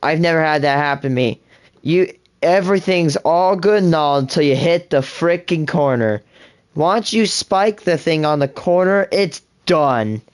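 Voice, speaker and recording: A man's voice: on the high side, unhurried, clean tone. A male streamer chatting casually during a live game stream, distracted and muttering while he plays. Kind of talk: live gaming stream chat.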